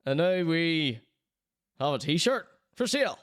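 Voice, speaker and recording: A man putting on a Ballymena accent to read out a label owner's blurb in an upbeat, slowed, sing-song way. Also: on the high side, big pitch swings, fairly bright tone, pitched above the performer's own voice, heavily acted. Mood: upbeat pitch. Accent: put-on Ballymena. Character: small-town Ballymena label owner reading his own blurb.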